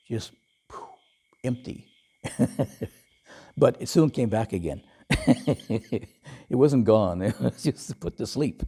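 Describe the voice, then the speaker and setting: A man who is a Buddhist monk, giving a relaxed dharma talk and telling stories with frequent chuckles and fillers. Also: mid-range voice. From Western, lived in Thailand as a layman. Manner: relaxed storytelling, chuckles often, many fillers.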